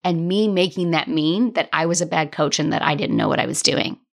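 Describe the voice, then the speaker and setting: A woman's voice: deep voice, lively intonation, brisk, gravelly. A woman hosting a solo coaching podcast, talking earnestly with a strained, worn voice. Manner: earnest, emotional, talks through tears at times. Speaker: podcast host and business coach.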